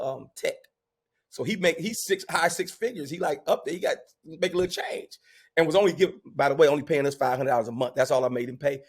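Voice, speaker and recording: Husky man, 50s, high-pitched, lively podcast storyteller. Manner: animated storyteller, shouts when quoting himself. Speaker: podcast guest. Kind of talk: casual storytelling.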